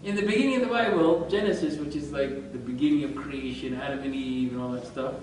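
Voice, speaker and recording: A man teaching an informal religious lesson to a group, lively and quizzing his listeners. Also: fast. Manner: animated, quizzes listeners, chuckles. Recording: very echoey room, far from mic, faint rumble.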